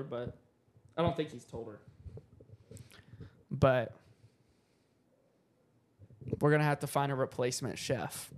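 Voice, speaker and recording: A man's voice: fairly high pitch, slight background noise. A man hosting a podcast in casual chat, telling stories in a jokey, teasing way with plenty of slang. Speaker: podcast host.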